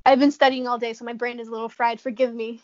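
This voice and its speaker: A woman's voice: a little high, flat delivery, fast, dull audio. A young woman chatting as a podcast guest, giggling often and searching for words. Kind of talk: casual chat.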